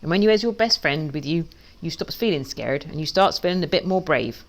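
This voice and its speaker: Lady author reading her kids' book out loud, playful, slightly low voice. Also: fairly quick. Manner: lively, playful read-aloud. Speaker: children's author. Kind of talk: storybook reading aloud.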